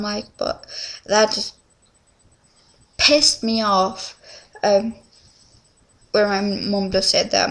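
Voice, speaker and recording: A teenage girl rambles through a casual confessional vlog at home, her voice medium-pitched and a bit bright. She's scattered, with lots of fillers and restarts.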